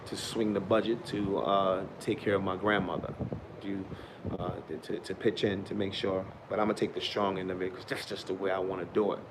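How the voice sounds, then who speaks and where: A middle-aged man vlogging in a casual, rambling way, swinging from loud preachy bursts to quiet, mumbled reflection. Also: low voice, background noise.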